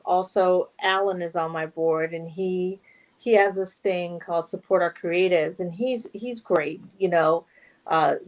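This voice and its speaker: A woman's voice: lowish voice, rough recording. A woman guest on an interview show, talking earnestly and at length about organizing a charity event. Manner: earnest, animated, emotional at times. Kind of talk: casual interview talk.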